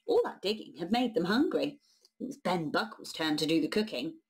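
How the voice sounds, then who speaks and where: A woman reading a children's picture book aloud, expressive and unhurried, with a breathy voice. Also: on the low side. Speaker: children's storyteller.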